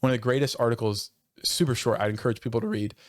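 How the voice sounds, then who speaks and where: On a conversational church podcast, a male pastor speaks at medium pitch with earnest passion, quickening when moved and frequently interrupting himself to start sentences over. The studio-quality recording has no echo.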